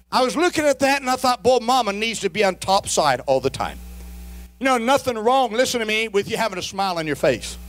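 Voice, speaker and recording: High-pitched preacher man shouting exhortations. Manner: emphatic preaching, swings from low asides to shouted exhortation; folksy humor and repeated rhetorical questions. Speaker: pastor. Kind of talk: sermon.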